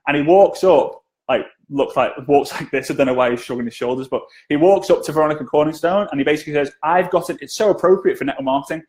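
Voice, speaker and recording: A man's voice: fairly high pitch, quick pace, hardly any pauses, a little mellow. A man giving a live-streamed sales training talk, chatty and jokey, often asking viewers to comment.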